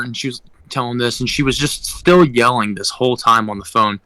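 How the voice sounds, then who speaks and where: A man's voice: medium pitch, a little fast, sharp tone, no room sound, low-quality recording. A young man co-hosting a podcast, telling a work story casually, rambling with ums and restarts. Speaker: podcast co-host.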